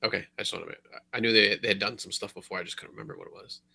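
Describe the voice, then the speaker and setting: A man hosting a gaming podcast, briskly moderating and handing turns to co-hosts in casual chat. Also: low-pitched, fairly even intonation, vocal fry, sharp tone, breathy edge. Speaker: podcast host.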